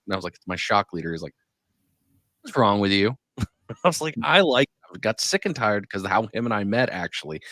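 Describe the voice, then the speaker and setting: A man's voice: low-pitched, dry recording, clean studio sound. A man hosting a fishing podcast, chatty and jokey, telling stories and laughing easily. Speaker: podcast host. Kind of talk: casual podcast interview.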